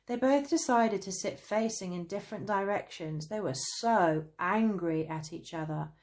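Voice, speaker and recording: A woman with a British accent narrating a children's story, gentle and even. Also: medium pitch. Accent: British English. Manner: slow, gentle, lively voices.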